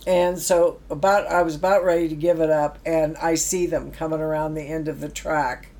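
Middle-aged lady telling stories from her youth work, warm low voice, laughs a lot. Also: little pitch movement, moderate pace. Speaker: former youth project worker. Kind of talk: anecdotal storytelling.

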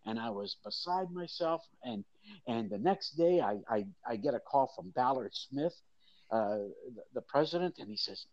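Older male guest, animated raconteur, very lively pitch, dry lo-fi sound. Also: normal speed, no room sound. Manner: animated storyteller, acts out crowd voices. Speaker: guest, mascot performer. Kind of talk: storytelling interview.

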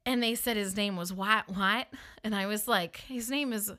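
A woman's voice: mid-range voice, steady tone, normal speed, pushed and bright. A woman from the northern United States, with a Northern US accent, chatting casually as she tells her story and filling her speech with "like" and "you know.". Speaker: funeral director telling her story.

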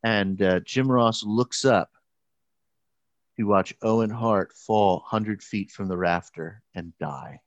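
A man telling a story in casual conversation, halting, with many restarts and fillers. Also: on the low side, no room sound, lo-fi sound.

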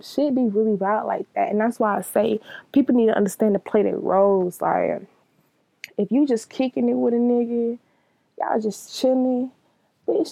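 A woman's voice: on the high side, vocal fry, warm tone, dry recording, poor audio. A young woman giving a blunt, profane, casual monologue, laughing often.

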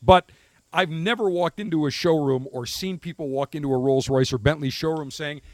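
A man's voice: a little high, normal speed, dry recording, clean studio sound. A man hosting a podcast in casual banter, blunt and teasing, with a mock-military swagger. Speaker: podcast host.

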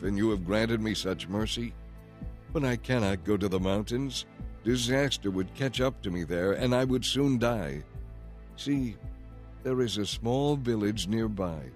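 A man's voice: fairly low pitch, close to an everyday voice. A man voicing Lot as an anxious man who begs and pleads urgently in a storybook reading. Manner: begging, urgent.

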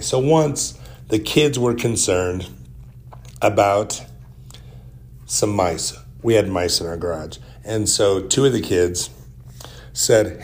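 On his solo podcast, a man tells stories in a rambling, wry, joking manner. His voice is low-pitched with a somewhat dark tone.

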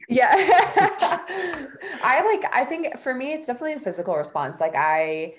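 A woman's voice: fairly high pitch, sing-song, fast talker. A woman hosting a podcast in a casual, chatty way, full of fillers and self-deprecating laughs. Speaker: podcast host.

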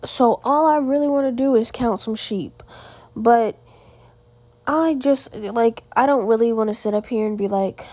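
A woman's voice: on the high side, a little slow, darkish tone, no echo. A teenage girl hosting her own podcast, sounding tired and rambling through her weekend with lots of "like" fillers and restarts. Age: teens. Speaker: podcast host. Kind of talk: casual solo podcast chat. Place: at home.

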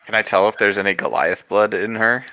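A man playing in a tabletop game, relaxed and joking. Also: lowish voice, fairly quick, no echo. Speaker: player. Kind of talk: casual tabletop play.

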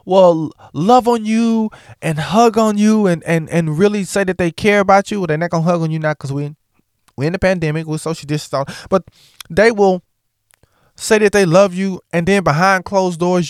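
A man's voice: sits high, normal speed, clean tone, dry recording, studio quality. A man talking casually and outspokenly to the camera, mixing jokes with blunt opinions. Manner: animated, joking, outspoken. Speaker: vlogger.

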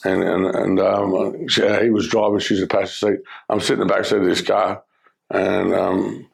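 A middle-aged Australian man with a deep, gravelly voice tells his life story as personal testimony. He speaks in a flat, level tone. His delivery is earnest and halting, full of fillers. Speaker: former criminal telling his life story.

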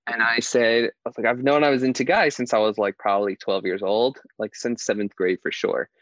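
A young man from Indiana tells a story as a podcast guest. He talks in a loose, chatty way, says "like" often, and laughs as he goes. His voice sits at an ordinary pitch for a man, and the recording sounds dull and dry. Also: fairly even intonation, brisk, fairly bright tone, no echo. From Indiana, USA. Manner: chatty, heavy use of "like", laughs often while telling. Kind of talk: casual storytelling interview.

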